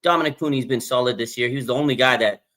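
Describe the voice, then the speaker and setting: A man hosting a live fan reaction stream in a casual, excitable way, laughing and ranting with his voice jumping up when he gets hyped. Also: medium pitch, rapid-fire. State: has a bloody nose. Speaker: sports fan livestream host.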